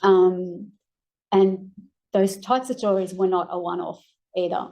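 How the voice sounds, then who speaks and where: A woman with an Australian accent presenting research findings in a measured way with frequent ums, her voice going hoarse. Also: lowish voice, steady tone, mellow, rough recording. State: losing her voice. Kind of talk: academic presentation.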